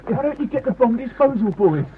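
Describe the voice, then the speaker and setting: A man's voice: very high-pitched, animated, brisk. An actor playing a jumpy, complaining man stuck in a tunnel, in a radio drama. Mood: panicky. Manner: jittery, complaining. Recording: tinny old radio broadcast with faint hiss.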